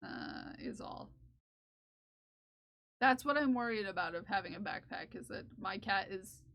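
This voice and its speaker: A woman's voice: medium pitch, lively intonation, a little slow, fairly bright tone. A woman hosting a live stream, chatting casually with her viewers and playfully scolding them. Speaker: livestream host.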